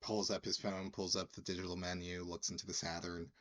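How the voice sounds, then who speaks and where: A podcast co-host with a low, level, slightly bright voice tells a rambling bar anecdote in casual conversation. His telling is slow and halting, with frequent restarts and quoted voices.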